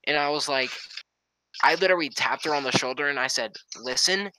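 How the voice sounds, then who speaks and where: A man's voice: mid-range voice, fairly quick, sharp tone, dry recording, poor audio. A young man telling a story in casual, heavily profane talk. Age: young adult.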